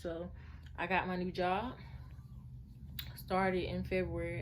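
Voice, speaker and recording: A woman's voice: fairly low pitch, level tone, slow, slight background noise. A woman in her twenties telling her personal story in a vlog, chatty and earnest, talking straight to her viewers. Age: 20s. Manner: chatty, addresses viewers as y'all. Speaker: vlogger.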